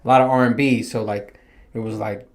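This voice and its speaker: A man's voice: medium pitch, fairly even intonation, a little fast. A man hosting his own podcast in casual solo chat, rambling, self-deprecating and swearing freely. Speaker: podcast host.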